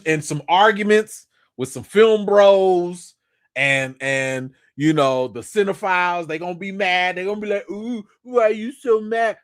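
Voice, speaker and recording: A man hosting a casual livestream, talking in laid-back slang, bursting with excitement at times, and thanking his supporters again and again. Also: fairly high pitch. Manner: effusive, thanks donors over and over. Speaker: livestream host.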